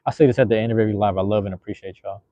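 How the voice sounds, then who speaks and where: A man's voice: lowish voice, steady tone, very fast, warm tone, no echo, muffled recording. A man hosting a casual solo livestream, rambling in a laid-back, slangy way. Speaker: livestream host.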